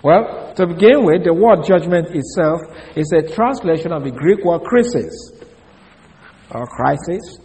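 A man's voice: fairly high pitch, moderate pace, hardly any pauses, dark tone, in a large hall, low-quality recording. A man giving a Bible study lecture, explaining step by step and spelling out words letter by letter. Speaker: Bible teacher.

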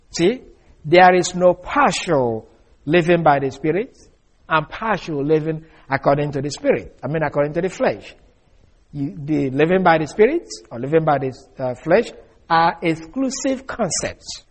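A man preaching an expository sermon, explaining scripture in a measured, emphatic way with frequent fillers. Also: fairly high pitch, breathy edge. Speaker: preacher teaching Bible study.

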